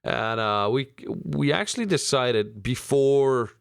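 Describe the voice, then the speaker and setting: A man's voice: medium pitch, animated, takes it slowly, vocal fry, smooth, no echo, studio quality. A young man co-hosting a podcast, rambling and joking crudely in casual banter. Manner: rambling, crude and jokey, many restarts. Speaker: podcast co-host.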